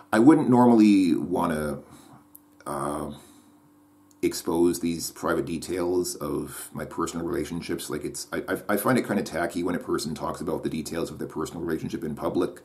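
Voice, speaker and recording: Deep-voiced man rambling to camera. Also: darkish tone. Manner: rambling, repeats himself. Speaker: vlogger. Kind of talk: casual vlog monologue.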